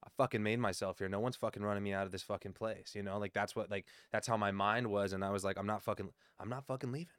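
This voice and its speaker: Low, smooth-voiced man swearing casually. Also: flat delivery, fast talker, few pauses, a bit bright, dry recording, studio quality. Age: 30s. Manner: loose, profane storytelling. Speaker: podcast guest. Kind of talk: casual chat.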